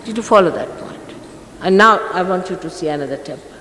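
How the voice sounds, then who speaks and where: A woman's voice: lowish voice, animated, a little fast, bright, forceful tone, a little hiss or hum. A woman in her sixties, a spiritual teacher, giving a stern and frank scolding talk to her followers. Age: 60s. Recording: echoey hall, old archive recording.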